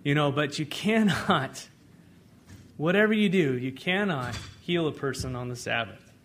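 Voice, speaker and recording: Man, pastor, casual lively sermon delivery, slightly high-pitched voice, moves from loud to soft. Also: a little slow, a little hiss or hum. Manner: conversational preaching, acts out quoted voices, swings between loud and hushed.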